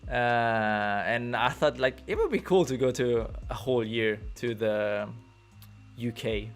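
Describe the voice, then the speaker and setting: A young man with a French accent hosts a casual live stream in English. He talks eagerly, laughs easily, and often restarts as he looks for the right words. His voice sits at an ordinary middle pitch. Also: slow pace, faint music behind. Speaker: podcast host.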